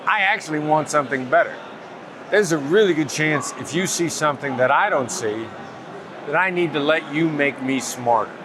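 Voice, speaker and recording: A man being interviewed as a negotiation expert, explaining in a calm, measured, patient way. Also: fairly high pitch, background noise. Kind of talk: interview answers. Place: outdoors at a summit event.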